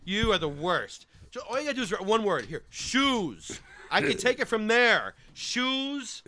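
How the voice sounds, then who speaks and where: Whiny, bright-voiced New man. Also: sits high, very animated, a little slow. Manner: whiny, playful, sing-song lyric chanting. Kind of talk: improvised comedy bit.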